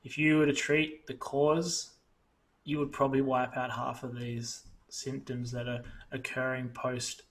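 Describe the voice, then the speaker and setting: Male podcast host; middle pitch, reflective and conversational. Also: level tone, measured pace.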